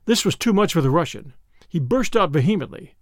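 A man narrating a novel in an expressive, animated reading. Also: fairly high pitch, brisk, no echo, studio quality. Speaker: audiobook narrator. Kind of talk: scripted narration.

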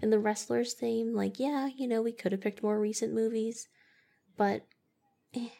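A woman's voice: on the high side, steady tone, normal speed, creaky, warm tone. A woman co-hosting a casual late-night podcast, teasing with a dry sense of humor. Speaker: podcast co-host.

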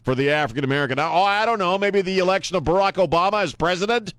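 A man's voice: high-pitched, rapid-fire, a bit bright, dry recording, studio quality. A man hosting a talk radio show, delivering a sarcastic, rambling opinion monologue with many restarts.

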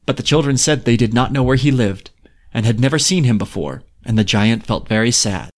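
A man reading a fairy tale aloud in an even, expressive way, then chatting casually as a podcast host. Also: mid-range voice, brisk. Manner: even narration, chatty with restarts in talk.

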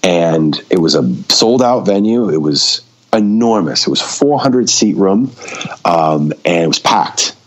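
A man, a filmmaker, telling a long anecdote in a casual conversation and acting out the dialogue with lively shifts in his voice. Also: low-pitched, unhurried. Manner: animated storyteller who acts out quoted dialogue; frequent fillers and restarts. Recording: dull lo-fi recording.

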